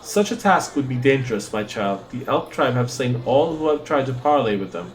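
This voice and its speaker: A man reading as a gentle old druid. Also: mid-range voice, normal speed, slight background noise, natural voice. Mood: solemn. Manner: calm, solemn, formal. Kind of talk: reading game dialogue aloud.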